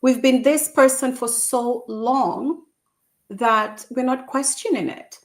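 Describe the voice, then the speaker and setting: A woman's voice: sits high, slow pace. A woman hosting an interview, thinking aloud as she asks questions, with many "you know" fillers. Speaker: podcast host. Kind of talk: conversational interview.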